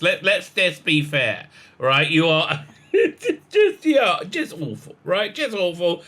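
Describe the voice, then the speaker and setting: Sarcastic ranting man, very bright voice. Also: a little high, very animated, unhurried. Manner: sarcastic, scornful, with frequent stammered restarts. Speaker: YouTube commentator. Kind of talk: ranting vlog commentary.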